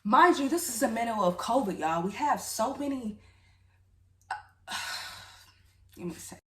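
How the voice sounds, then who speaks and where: A woman's voice: on the high side, animated, unhurried, a bit bright, far from the mic. A woman telling a personal story in a casual, candid storytime vlog, talking straight to her viewers with emotion. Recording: echoey room, voice off-mic.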